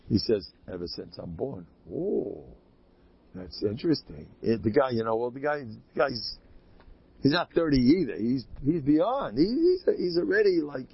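A man, a rabbi, teaching a lively religious class, telling anecdotes with bursts of loud emphasis. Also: mid-range voice, breathy edge, muffled recording.

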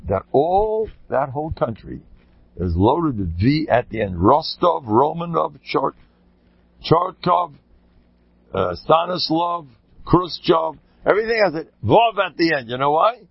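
A man with a gravelly, husky voice tells meandering anecdotes with jokes. He restarts sentences often and wanders off into asides. The recording is dry and a little dull. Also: on the high side, sing-song, measured pace, pauses often, no room sound. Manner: digressive, joking, many restarts. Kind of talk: rambling anecdotal talk with jokes.

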